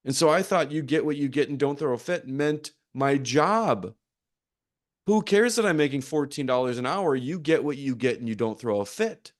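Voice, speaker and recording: Animated man telling coaching stories. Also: medium pitch, normal speed. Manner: animated storytelling with acted-out quotes. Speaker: performance psychology coach. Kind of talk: conference session talk.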